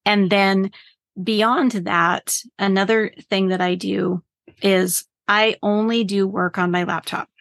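Brief: woman guest coach, upbeat and earnest, gravelly, dry close sound. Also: mid-range voice, steady tone, takes it slowly, a bit bright, dry recording. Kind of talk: casual podcast interview.

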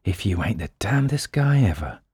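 A man voicing a nervous, rough-spoken male sidekick who talks in a flustered way. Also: deep voice, very animated, a little fast, darkish tone, dry recording, clean studio sound, exaggerated voice.

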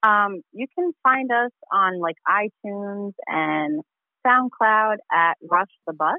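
A woman from Queens, a podcast guest who works as a medic, chatting quickly and saying "like" and "you know" a lot. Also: medium pitch, no room sound, phone-quality sound. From Queens, New York. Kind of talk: casual podcast chat.

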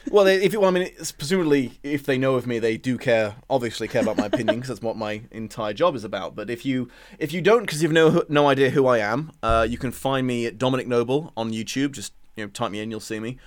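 A man's voice: mid-range voice, fast, hardly any pauses. A British man guesting on a film podcast, talking casually in a wry, playfully dramatic way. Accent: British English. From Britain.

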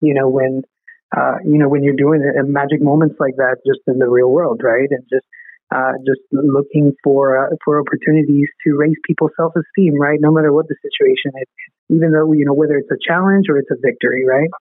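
A man's voice: medium pitch, level tone, dry recording. A man, a podcast guest, telling a story in an earnest way and often checking in with "right?". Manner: earnest, fast, peppers sentences with "right?". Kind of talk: storytelling interview talk. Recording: tinny phone-like line.

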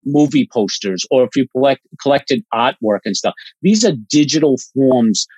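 A man with a husky voice talks through a topic in loose, conversational fashion, leaning on fillers and everyday examples. The sound is dry and close, with no room around it. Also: medium pitch, expressive, moderate pace, darkish tone, no echo, highs cut off. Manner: chatty, explains with many fillers and examples. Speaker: podcast guest, cause marketing expert. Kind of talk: casual explanatory chat.

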